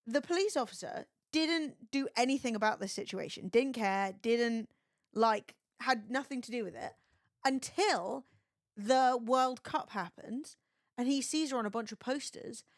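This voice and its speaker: A woman's voice: sits high, dry recording, clean studio sound. A young woman streaming, retelling gossip in a sweary, chatty way. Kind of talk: casual livestream chat.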